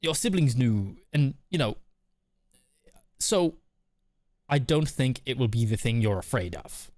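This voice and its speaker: A man's voice: mid-range voice, lively intonation, a little slow, a little mellow, no echo. A man streaming live, reading viewer messages aloud and answering them in a loose, chatty way that repeats itself. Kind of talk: casual live-stream chat.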